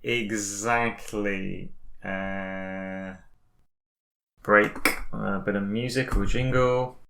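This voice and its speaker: A man's voice: on the low side, fairly even intonation, very slow, creaky, fairly bright tone. A man co-hosting a casual chat with his child, telling puns and laughing at his own jokes. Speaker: podcast co-host, father.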